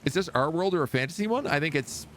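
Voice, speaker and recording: A man's voice: a little high, animated, fast talker, fairly bright tone, slight background noise. A man streaming a pirate game live, joking around and reading the game's story text aloud. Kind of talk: live gameplay commentary.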